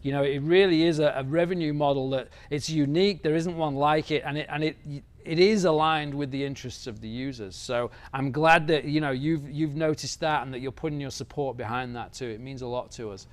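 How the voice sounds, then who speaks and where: A man hosts an interview in a friendly, hesitant way, padding his sentences with fillers. His voice sits a little higher than most men's. He sounds easygoing and appreciative toward his guest. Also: a little fast, few pauses. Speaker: exchange founder and host. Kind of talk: livestream interview chat.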